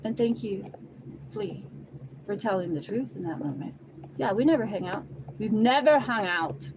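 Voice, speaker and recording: A woman's voice: mid-range voice, expressive, normal speed. A woman telling a personal testimony in an emotional first-person way, blunt and heavily profane. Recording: noisy background.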